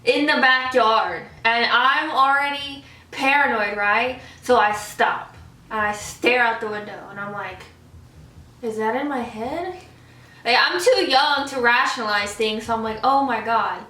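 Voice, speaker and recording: A lively young woman, a vlogger, tells stories over a meal and acts out every scene. Her voice is bright and on the high side. It sits a little off the mic in a roomy, echoey space with faint noise behind her. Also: a little slow, far from the mic. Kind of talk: casual storytelling over a meal.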